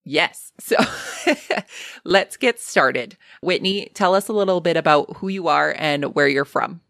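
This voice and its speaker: A woman's voice: deep voice, slow, gravelly, fairly bright tone, dry recording, clean studio sound. A woman with a Canadian accent hosting a podcast, reading the intro and promos in a chatty, upbeat way and asking interview questions. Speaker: podcast host.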